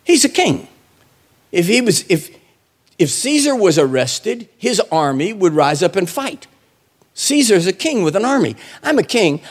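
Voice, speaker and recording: Man preaching, high voice, very lively pitch, colloquial storyteller acting out voices. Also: husky. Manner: animated storytelling, acts out voices with big pitch swings; colloquial, humorous. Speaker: guest preacher. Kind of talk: sermon.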